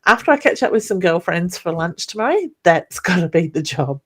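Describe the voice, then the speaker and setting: Aussie lady doing psychic readings on a live stream, low voice, soothing, keeps saying honey. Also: big pitch swings, brisk, a bit bright. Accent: Australian. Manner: soothing, reassuring, calls people honey. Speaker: psychic medium hosting a live show.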